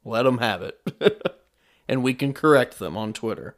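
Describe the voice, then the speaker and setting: A man co-hosting a casual sports podcast, measured in tone with dry asides. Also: medium pitch, expressive. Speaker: podcast co-host.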